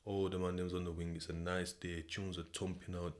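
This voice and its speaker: A man's voice: low voice, little pitch movement, a little fast, few pauses. A British man hosting a podcast, telling a story in the second person in a casual, slang-heavy way. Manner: slang-heavy, conversational, repeats "do you know what I mean". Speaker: podcast host.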